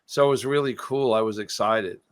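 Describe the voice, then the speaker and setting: A man's voice: lowish voice, fairly quick, dry recording. A man telling a long story in a casual interview, often trailing off and starting his sentences over. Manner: rambling, trailing off and restarting. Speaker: guest musician.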